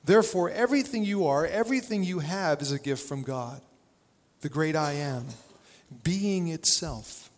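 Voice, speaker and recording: Man, pastor, preaching, casual storytelling, fillers and restarts, raised pitch, long church reverb. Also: normal speed. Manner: conversational storytelling with frequent fillers. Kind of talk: sermon.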